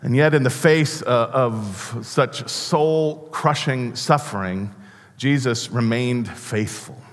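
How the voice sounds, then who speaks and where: A man preaching a sermon as pastor, earnest and halting, often restarting his words. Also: medium pitch. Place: church sanctuary. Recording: long church reverb.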